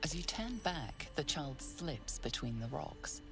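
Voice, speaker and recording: Low-voiced, expressive female narrator for a fantasy game, slow and steady. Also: heavily acted. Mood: hushed. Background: game music.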